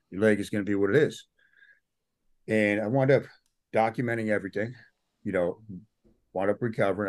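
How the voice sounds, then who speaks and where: Studio-quality audio with no echo captures a middle-aged podcast guest with a lowish voice. He tells a personal story in a casual interview, bringing it to life by acting out people's quotes.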